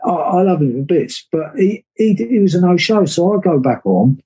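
Chatty older Englishman, dark husky voice. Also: high voice, moderate pace, poor audio. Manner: chatty anecdotal, lively quoted voices. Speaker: guest musician. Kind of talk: casual storytelling interview.

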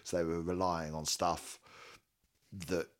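A man with a very low voice talks in a relaxed, chatty way as a co-host. He gets enthusiastic, rattles off numbers and laughs easily. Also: slow. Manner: enthusiastic, quoting statistics, laughs often. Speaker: podcast co-host. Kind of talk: casual chat.

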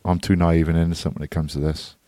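Deep-voiced man bantering. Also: little pitch movement, dark tone, no room sound. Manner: teasing, quick banter. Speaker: podcast co-host. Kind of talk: casual chat.

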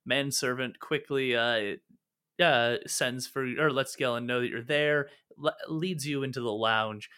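A man narrating as game master in a tabletop game, relaxed and halting, correcting himself as he goes. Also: mid-range voice, smooth.

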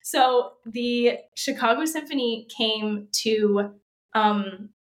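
A woman's voice: fairly high pitch, slow pace. A young woman from Canada, a flutist chatting as a podcast guest, bubbly and laughing often with plenty of fillers. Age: young adult. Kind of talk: casual interview chat.

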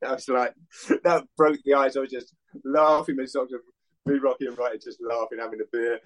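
A man's voice: medium pitch, steady tone, fairly quick, poor audio. A man in his sixties, a former footballer and interview guest, telling rambling anecdotes and acting out other people's lines. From England. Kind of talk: casual storytelling interview.

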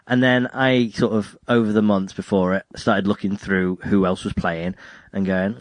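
With a low, fairly even voice at normal speed and no room sound, a man hosts a podcast about music. He rambles and jokes, constantly breaking off mid-thought and restarting.

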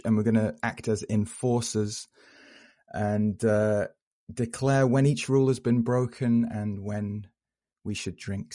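A man co-hosting a podcast, talking casually and calmly explaining how things work. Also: on the low side. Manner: relaxed, explanatory. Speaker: podcast co-host. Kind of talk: casual chat.

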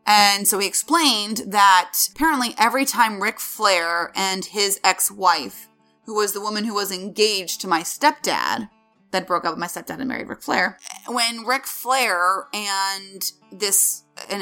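A woman in casual chat telling an animated story fast, full of "like" and quick asides. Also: medium pitch, soft background music. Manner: fast, animated, lots of fillers like "like". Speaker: entertainment interviewer telling a story.

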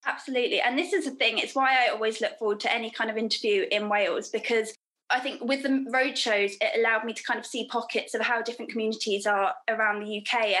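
A woman's voice: mid-range voice, a bit bright. A woman hosting a podcast with a slight lisp, reading an enthusiastic, gushing intro and then chatting casually with her guests in a self-deprecating way. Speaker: podcast host. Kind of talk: scripted intro, then casual interview chat.

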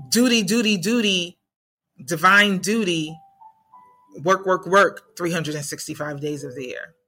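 A woman podcast host and spiritual coach teaching in an animated, conversational way, often asking "right?". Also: on the low side, low-quality recording. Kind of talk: casual spiritual teaching talk.

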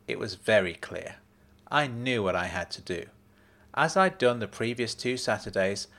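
A man narrating a first-person story in a measured, matter-of-fact way. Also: lowish voice, a bit bright.

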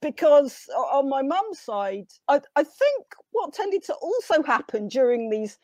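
A woman's voice: high-pitched, big pitch swings, unhurried, mellow, dry recording. A woman with a slight London accent, a guest telling self-deprecating family stories in casual chat. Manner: anecdotal, self-deprecating, quotes relatives in put-on voices.

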